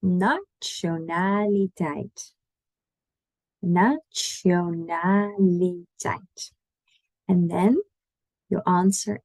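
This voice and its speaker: A Dutch-speaking woman teaching an online language lesson in English, saying Dutch words slowly and repeating them for learners. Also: lowish voice, fairly even intonation, vocal fry, darkish tone, no room sound, rough recording.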